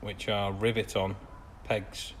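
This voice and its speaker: A lowish-voiced man talks through a car restoration in his workshop. His delivery is dry and sarcastic, with deadpan grumbles set between plain, practical explanation. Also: slow, slight background noise. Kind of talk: workshop vlog narration.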